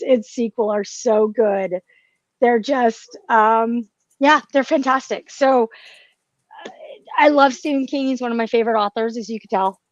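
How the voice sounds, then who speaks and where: A woman's voice: fairly high pitch, a little slow, no echo, highs cut off. A woman co-hosting a casual podcast chat, gushing and emotional, with frequent restarts and fillers. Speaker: podcast co-host.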